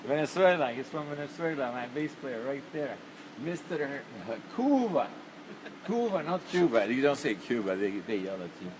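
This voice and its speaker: Amid loud background noise on stage, a middle-aged bandleader laughs often and chats casually with his band before sound check. The musician's medium-pitched voice is expressive and a little fast in this backstage video chat.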